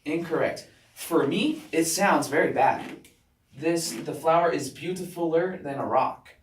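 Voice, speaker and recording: A male teacher giving a classroom grammar lesson, talking slowly and deliberately and checking in with students after nearly every point. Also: fairly high pitch, slight background noise. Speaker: English teacher. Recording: roomy classroom sound from a distant mic.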